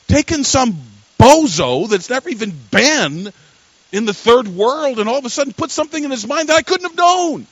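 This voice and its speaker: High-voiced older preacher, dry sound. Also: male voice, sing-song, moderate pace, dry recording, muffled recording. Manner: storytelling preacher, swinging from quiet asides to loud emphatic peaks. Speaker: pastor. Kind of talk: sermon.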